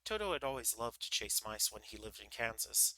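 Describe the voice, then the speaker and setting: Bright-voiced man reading a storybook. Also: on the low side, a little fast, no room sound, poor audio. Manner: relaxed, with small slips and restarts. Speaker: livestream storyteller. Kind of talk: reading a children's book aloud.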